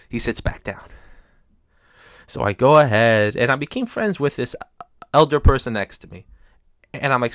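Man, casual rambling storyteller, lively pitch, dry close sound. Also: moderate pace, long pauses, no echo. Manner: animated, rambling with restarts and fillers.

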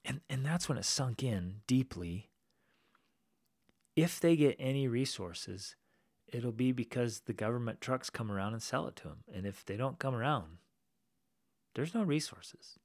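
A man's voice: medium pitch, unhurried, long pauses, dry recording, studio quality. A man hosting a podcast, telling a personal story in a casual way and acting out the voices of the people in it. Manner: animated, acts out quoted people. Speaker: podcast host.

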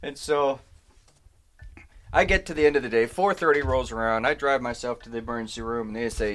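A man's voice: medium pitch, a little fast, fairly bright tone. A middle-aged man telling rambling, profane work and family stories in casual podcast chat, acting out what others said. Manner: rambling, profane anecdotes with acted quotes.

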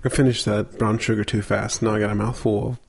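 A man co-hosting a casual beer tasting podcast, relaxed and explaining beer facts as he thinks aloud. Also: fairly low pitch, a little fast, creaky, slight background noise. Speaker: podcast co-host.

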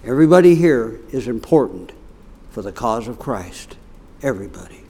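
A middle-aged man preaching a sermon, telling stories and swinging from quiet asides to loud, raised passages. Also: mid-range voice, very animated, normal speed, slight background noise.

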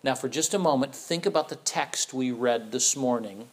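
A man's voice: mid-range voice, moderate pace. A middle-aged man preaching a sermon, asking rhetorical questions and acting out the voices of the people he quotes. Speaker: pastor.

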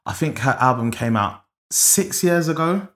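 A man's voice: medium pitch, animated, a little slow, a bit bright. A man co-hosting a podcast, bantering in a laid-back, slangy way about music. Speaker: podcast co-host. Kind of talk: casual live-stream podcast chat.

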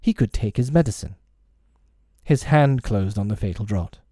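A man narrating a storybook aloud in a measured, expressive reading. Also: lowish voice, no room sound, studio quality. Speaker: audiobook reader.

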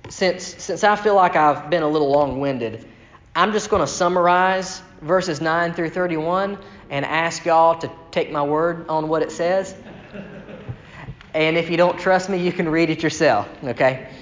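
A man delivers a sermon in an easy, conversational way, stopping to read scripture passages aloud. His voice sits a little high for a man. The sound carries a long, roomy reverb, as if it were picked up in a large church sanctuary. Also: measured pace, fairly bright tone. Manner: conversational, reads scripture aloud, acts out quoted complaints with rising pitch. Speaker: preacher. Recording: echoey hall with long reverb.

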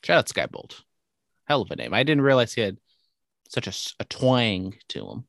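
A man's voice: mid-range voice, huge pitch swings, moderate pace, gravelly, fairly bright tone, no echo, studio quality. A man co-hosting a casual sports podcast, talking baseball standings with wry, upbeat banter. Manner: upbeat, wry, jumps between stats and jokes. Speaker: podcast co-host.

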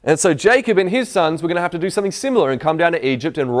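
Man preaching a sermon, hushed then rising. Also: a little high, expressive, very fast, few pauses. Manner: swings from hushed reading to raised, emphatic preaching. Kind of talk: sermon with scripture reading.

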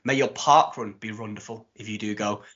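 A man's voice: lowish voice, steady tone, fairly quick, fairly bright tone, breathy edge. A man hosting a podcast in a casual, jokey way, full of ums and asides. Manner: chatty, jokey, with many ums. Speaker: podcast host. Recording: dull lo-fi podcast audio.

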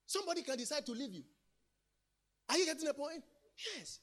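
A male preacher with a very high, bright, ringing voice delivers an emphatic sermon. He repeats phrases for weight and swings between loud declarations and hushed asides. His pitch moves a great deal. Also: animated, a little fast.

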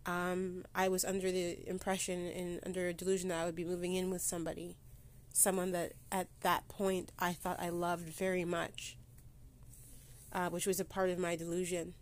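A woman hosting a personal solo podcast, holding back tears and talking haltingly, with many restarts and pauses. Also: on the low side. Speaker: podcast host. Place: sitting against a board indoors.

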